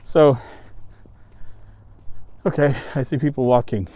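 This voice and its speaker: A man's voice: mid-range voice, fairly even intonation, slow pace, dark tone, no room sound. A man from the US East Coast vlogging on a forest trail, talking casually, laughing and swearing, out of breath from climbing, recorded on a handheld camera outdoors. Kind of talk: casual vlog narration while hiking. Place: wooded ravine trail outdoors.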